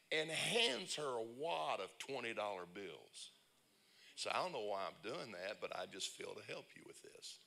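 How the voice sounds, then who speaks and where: A man preaching a lively, humorous sermon, telling stories and breaking into shouts. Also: medium pitch, normal speed, creaky. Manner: animated storyteller, bursts into shouts and laughs. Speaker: pastor. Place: church conference service.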